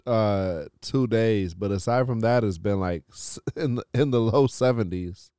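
Brief: man, teasing co-host with dry humor, smooth clear voice, close dry sound. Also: lowish voice, a little slow, warm tone, dry recording. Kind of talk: casual chat.

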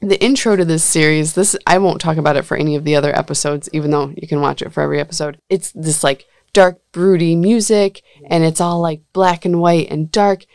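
Dry, smooth-voiced woman hosting a podcast. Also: sits low, fairly even intonation, fairly quick, hardly any pauses, a little mellow, no room sound. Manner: chatty, laughs often, blunt and sarcastic. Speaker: podcast host. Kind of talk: casual podcast chat.

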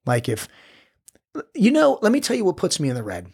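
A man's voice: sits high, huge pitch swings, fairly quick, creaky, darkish tone, husky, no echo, clean studio sound. A man who is a former military operator, talking candidly as a podcast guest, intense and blunt, swearing freely and often restarting his sentences. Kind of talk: candid conversational interview.

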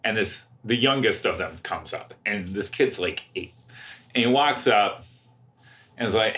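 A man co-hosting a podcast, telling a long anecdote in a halting, casual way. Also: on the low side, expressive, a bit bright, echoey room. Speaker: podcast co-host. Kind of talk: casual storytelling chat.

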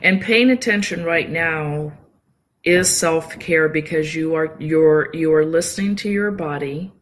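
A woman guest in an interview, talking calmly and explaining at length, now and then acting out short quoted thoughts. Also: deep voice, unhurried, a little hiss or hum. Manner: calm, explanatory, acts out little quoted inner voices. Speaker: yoga nidra practitioner and guest. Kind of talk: casual interview conversation.

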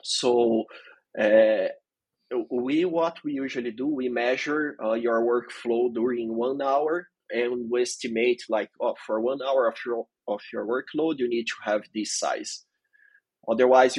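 A man's voice: medium pitch, slightly rough, no room sound, low-quality recording. A man as a guest expert in a technical interview, explaining things patiently step by step.

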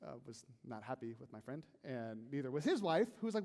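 A man preaching a sermon as a pastor, in a conversational, animated way with frequent "right?" asides. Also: a little high, a little fast, hardly any pauses, long reverb tail.

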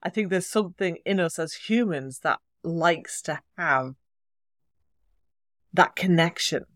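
A woman's voice: fairly low pitch, expressive, slow pace, a bit bright, dry recording. Woman with an Irish accent, interviewer, short encouraging prompts, dry sound. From Ireland. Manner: brief, encouraging questions and replies. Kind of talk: conversational interview.

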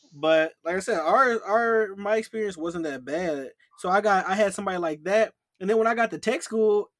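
A young man co-hosting a casual chat, telling military stories in a slangy, animated way and acting out the voices of people who yelled at him. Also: on the high side, no echo, studio quality. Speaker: podcast co-host.

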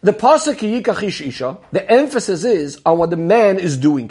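Male Torah teacher, high husky voice, patient explanatory lesson delivery. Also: sing-song, normal speed, darkish tone. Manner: explanatory, repeats key terms, Hebrew and Yiddish terms. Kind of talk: Talmud lesson.

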